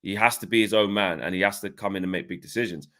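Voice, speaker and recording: Emphatic football podcast co-host. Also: male voice, low voice, fast talker, fairly bright tone. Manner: emphatic, slangy, repeats himself. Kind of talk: casual football podcast chat.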